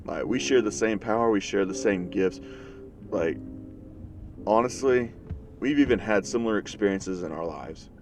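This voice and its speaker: A bitter young hero student rants against the classmates who once wrote him off, swearing freely, as a man voices him. The voice sits low for a young man, and soft music plays under it. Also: moderate pace, pauses often, natural voice. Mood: bitter defiant. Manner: defiant, profane ranting. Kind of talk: fan story narration.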